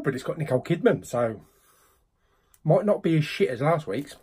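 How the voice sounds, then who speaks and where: A man's voice: on the high side, moderate pace, long pauses, slightly rough. A British man hosting a casual unboxing vlog, joking and grumbling in mock exasperation at what he pulls out. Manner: expressive, mock-exasperated, jokey asides. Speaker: vlogger reviewing bargain-bin films.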